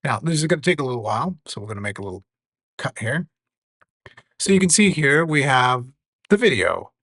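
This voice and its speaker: A man teaching a lesson about AI tools with a live demo, measured and earnest. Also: medium pitch, big pitch swings, fairly bright tone, slightly rough, dry recording. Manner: measured, earnest, some fillers.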